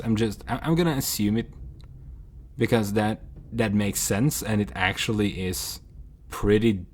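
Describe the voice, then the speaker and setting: A man playing a text adventure game, reading the story out and musing over his choices with hesitant pauses. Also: on the low side. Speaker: player narrating a text adventure. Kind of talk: reading and thinking aloud.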